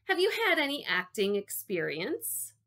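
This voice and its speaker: A woman's voice: a little high, huge pitch swings, unhurried, fairly bright tone, pitched above the performer's own voice, heavily acted. Woman doing a sugary, puzzled casting lady. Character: fake-smiling female casting director.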